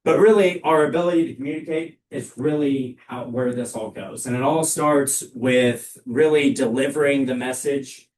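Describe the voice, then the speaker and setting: A young man giving a live sales training talk to a room of colleagues, with a loud, energetic, emphatic delivery. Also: mid-range voice, moderate pace, few pauses. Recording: echoey room, mic far off.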